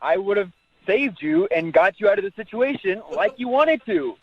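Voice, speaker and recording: Defensive guy on a call, jokes a lot, kinda high voice, dry muffled line. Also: animated, normal speed. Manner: defensive, joking. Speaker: caller.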